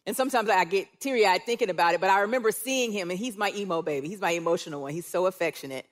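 A grandmother speaking from a church stage, telling personal stories with animated quotes of family members. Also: medium pitch, fast. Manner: warm storytelling, animated quoting of others. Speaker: guest speaker, church care director. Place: church auditorium with live audience.

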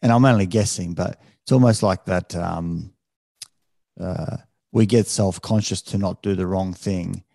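A man's voice: low voice, measured pace, vocal fry, dark tone, no room sound, clean studio sound. A man hosting a podcast, reflective and thoughtful, often restarting and hesitating as he talks things through. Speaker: podcast host. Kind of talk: reflective conversational interviewing.

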